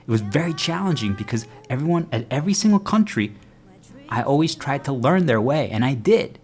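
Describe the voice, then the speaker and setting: A man's voice: very animated, fairly quick, a little mellow. A man giving a motivational talk to his viewers, earnest, often asking if they follow, and jumping into quoted voices. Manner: earnest, repeatedly checking the audience follows; acts out quoted voices with sudden pitch jumps. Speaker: motivational speaker.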